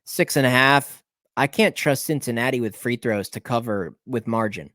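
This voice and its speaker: A man at an ordinary middle pitch talks through his betting picks in a loose, rambling way. He thinks aloud, stops to check scores and corrects himself as he goes. His voice sounds close and dry, with no room around it. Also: moderate pace, fairly bright tone, no echo. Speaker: sports betting picks host. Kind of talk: casual solo picks rundown.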